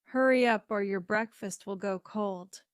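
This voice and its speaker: A woman voicing an anxious mother in a graded reader story, calling loudly up to her son and fussing over his breakfast. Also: measured pace, clear, resonant tone, no room sound, clean studio sound, close to an everyday voice. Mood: caring. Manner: shouts high and loud up the stairs.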